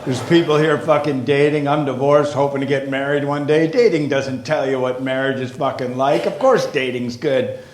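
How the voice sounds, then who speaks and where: A man doing a stand-up comedy routine on stage, ranting with heavy profanity and rising to shouted exasperation. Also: medium pitch, fairly even intonation, moderate pace, a little hiss or hum. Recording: echoey live club with crowd. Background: audience laughter.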